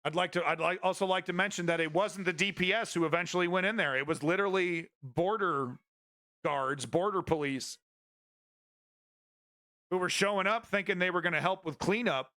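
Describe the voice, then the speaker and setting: A man talks through news clips on his stream in a loose, rambling way. He is blunt and swears freely. His voice sits a little high, and his tone is bright and forceful. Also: moderate pace. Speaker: news commentary host. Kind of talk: casual political commentary stream.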